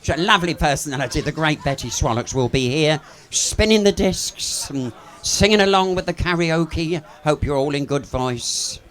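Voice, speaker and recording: Camp bloke doing bawdy pub stand-up, high swoopy voice, bit of music behind. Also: male voice, animated, moderate pace, fairly bright tone. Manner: camp, cheeky, gossipy storytelling with laughs. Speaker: cabaret comedian and singer. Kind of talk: live bawdy stand-up patter. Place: pub stage before a live audience.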